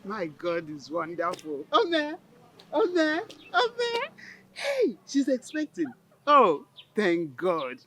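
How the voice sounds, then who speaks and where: An actress with a Nigerian accent playing an excitable, devout older village mother on a phone call, soon to be a grandmother. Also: fairly low pitch, slow pace, background noise, full character voice. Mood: overjoyed. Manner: exclamatory, breaks into praise and cries. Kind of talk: film acting.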